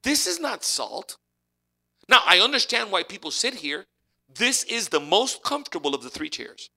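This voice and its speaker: A man preaching a sermon in a lively, conversational way, using chairs as props to make his point. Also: high voice, moderate pace. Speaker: pastor.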